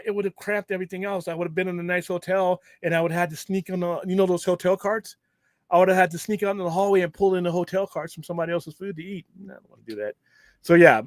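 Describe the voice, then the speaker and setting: A man's voice: high voice, a bit bright, no echo. Rambling, profane streamer man, dry sound. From Southern California. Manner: rambling, profane, jokey, many restarts. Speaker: streamer host. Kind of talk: casual live-stream chat.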